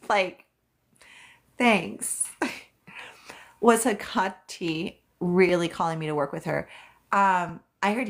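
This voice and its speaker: A woman's voice: medium pitch, animated, takes it slowly, long pauses. A woman working as a psychic reader, hosting a casual live stream where she answers viewers' questions in a chatty way, with many "um"s and "like"s.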